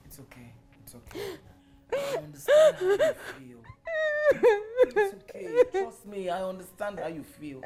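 A middle-aged woman playing a mother who calms and comforts her grown daughter. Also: on the low side, normal speed. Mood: soothing. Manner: gentle, soothing.

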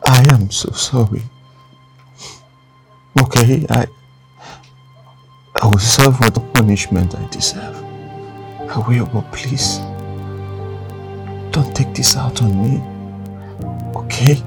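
A man's voice: medium pitch, takes it slowly, pauses often. An actor playing a remorseful husband who pleads, often in a whisper, for his wife's forgiveness. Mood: pleading. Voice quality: creaky. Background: music.

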